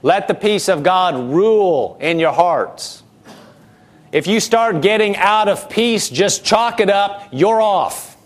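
A man's voice: sits high, animated, slow pace. A man pastor preaching a sermon in a conversational way, repeating key phrases and restarting sentences as he talks.

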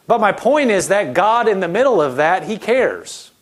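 A man with a high-sitting voice preaches a sermon at a moderate pace, earnest and conversational, acting out the voices of those he quotes. He begins animated and later softens into a quiet, gentle tone.

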